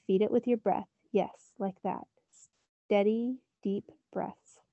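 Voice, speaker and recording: A woman reading a storybook's calm, commanding male god mentor, speaking steadily and a little lower and softer than her narration. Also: slow, no echo, muffled recording.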